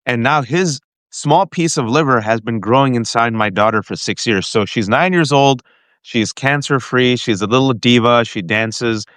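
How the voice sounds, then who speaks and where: A man in a podcast interview tells a deeply personal story with emotional intensity. He talks in a lively, animated way, stumbling and restarting as he goes. His voice sits at an ordinary middle pitch, and the sound is dry and close. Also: moderate pace, no room sound. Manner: animated, emotional, frequent restarts and direct address to the guest. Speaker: podcast host. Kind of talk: heartfelt personal storytelling to a guest.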